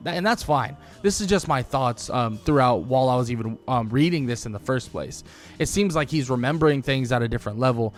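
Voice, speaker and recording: Rambling young man recapping comics. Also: on the high side. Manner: loose and rambling, many "like" fillers, quotes characters in passing. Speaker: comic book commentator. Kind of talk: casual comic recap and commentary.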